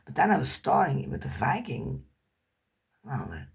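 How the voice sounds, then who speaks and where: A woman's voice: very deep voice, huge pitch swings, a little slow, vocal fry, breathy edge. A woman whose first language is Dutch, telling a personal story in English in a candid, rambling way, swearing casually and searching for words.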